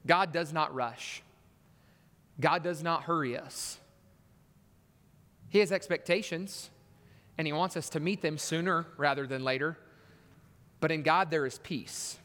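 A man's voice: fairly high pitch, normal speed, pauses often, pushed and bright, in a large hall. A man preaching a sermon in a church, telling stories and acting out voices with punchy emphasis.

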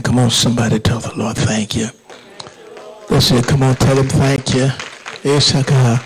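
A man preaching and praying to a church congregation in a fervent manner, at times dropping into hushed whispers and speaking in tongues. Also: mid-range voice, steady tone, unhurried, slightly rough, soft background music, low-quality recording. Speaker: pastor. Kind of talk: sermon with closing prayer. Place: church sanctuary.

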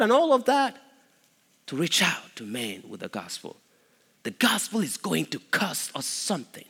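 Bright-voiced preacher in a big hall. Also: male voice. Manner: emphatic preaching, swinging between loud stresses and low asides. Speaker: pastor. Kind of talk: sermon. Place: church sanctuary. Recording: long reverb of a large hall.

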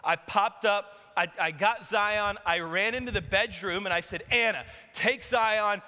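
Animated preacher in a hall. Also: male voice, sits high, normal speed. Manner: animated, emphatic storyteller with rising shouts. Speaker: pastor. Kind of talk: sermon with storytelling. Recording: long hall reverb.

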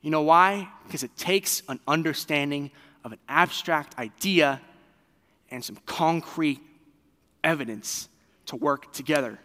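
A man preaching a sermon in a conversational, animated way, with fillers and restarts. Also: on the high side, unhurried, long reverb tail. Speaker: pastor.

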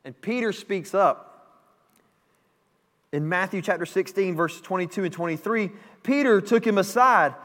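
A man pastor preaching a sermon, animated and emphatic, repeating key phrases. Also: high-pitched, unhurried, long pauses. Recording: long hall reverb.

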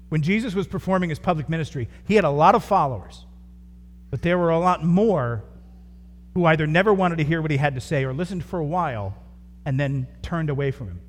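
A male pastor preaches in a slightly high voice, earnest and building his point through short repeated phrases. His words ring out with a long reverb through a church sanctuary. A faint hiss of noise sits underneath. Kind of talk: sermon.

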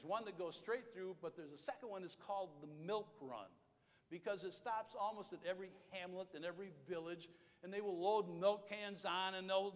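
Brief: man with a high voice, relaxed storytelling preacher, long hall reverb. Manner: conversational, anecdotal, with small restarts. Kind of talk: sermon storytelling. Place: church sanctuary.

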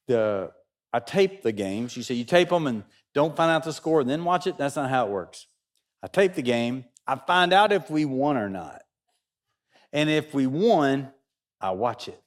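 A man, speaking in a fairly high voice. He tells a funny story to an audience, animated and joking, and builds up excitement as he goes. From Kentucky, USA. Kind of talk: humorous storytelling talk.

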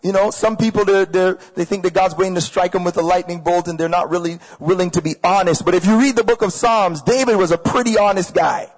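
A man preaching a sermon as a pastor, energetic and conversational, repeating phrases for emphasis to a crowd. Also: sits high, brisk, hardly any pauses, soft background music. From Canada. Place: large hall with audience. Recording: echoey hall.

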